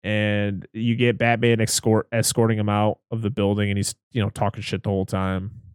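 A man's voice: fairly low pitch, level tone, moderate pace, clean tone, dry recording, studio quality. A man co-hosting a casual chat, retelling a film scene by scene in a rambling, profane, enthusiastic way. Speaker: podcast co-host recapping a film.

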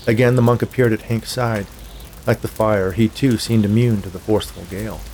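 A man reading a dark tale aloud in a measured, scripted storytelling manner. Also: fairly low pitch, fairly even intonation, slight background noise. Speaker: narrator. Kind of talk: scripted audiobook narration.

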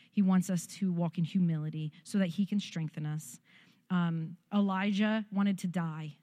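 A woman's voice: mid-range voice, darkish tone. A middle-aged woman pastor preaching a sermon, earnest and direct, with a practical, encouraging way of talking.

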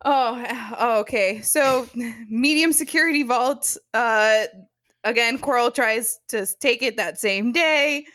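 A young woman co-hosting a podcast in casual chat, animated and quick to laugh. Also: on the high side, dry recording, clean studio sound. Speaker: podcast co-host.

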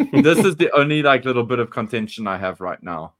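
A South African man co-hosting a casual podcast, joking and halting. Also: medium pitch, sing-song. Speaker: podcast co-host. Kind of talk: casual chat.

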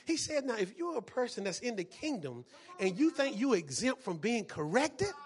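A male pastor preaching a sermon, reading scripture and calling out questions for the congregation to answer, rising to shouts at times. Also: very high voice, very animated. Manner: reads scripture slowly, then builds to shouted preaching; call-and-response, asks congregation "what?".

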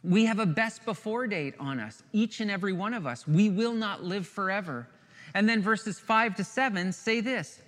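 A man preaching a sermon as a pastor, earnest, with dramatic pauses and hushed key words. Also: high voice, lively intonation. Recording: long hall reverb.

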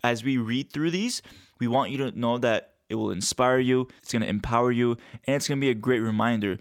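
A man's voice: medium pitch, a little fast, no echo. Chatty man hosting a podcast, dry sound. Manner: animated storyteller, many fillers, laughs easily. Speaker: podcast co-host. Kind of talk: casual chat.

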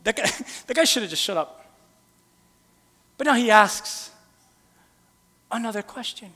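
An animated male preacher with a very high, bright, forceful voice keeps things casual and throws question after question at his listeners. A long reverb hangs after his words, as in a large hall or church. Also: unhurried. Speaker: pastor. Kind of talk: sermon.

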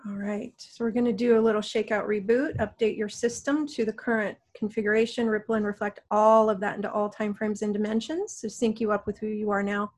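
A middle-aged woman guiding a healing session with slow, soothing, coaxing prompts. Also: medium pitch, little pitch movement, a little mellow. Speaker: energy healer guiding a session.

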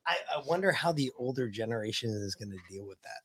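A man's voice: medium pitch, expressive, fast, a bit bright. A man co-hosting a podcast, reacting bluntly to clips with some swearing. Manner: blunt, emphatic, profane. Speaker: podcast co-host. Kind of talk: casual chat and clip commentary.

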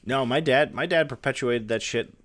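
A man's voice: mid-range voice, moderate pace, a bit bright. A man hosting a podcast, telling a story in casual chat, full of "like" fillers. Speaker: podcast host.

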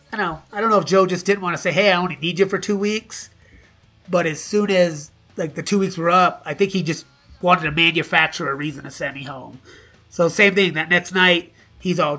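A middle-aged man with a fairly high, bright voice spins loose stories as a podcast guest. He swears freely and laughs between lines. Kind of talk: casual storytelling.

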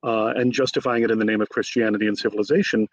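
Man, author guest, conversational interview, animated storyteller, dry close sound, dull lo-fi audio. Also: lowish voice, racing, no echo. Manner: animated storyteller, acts out quotes.

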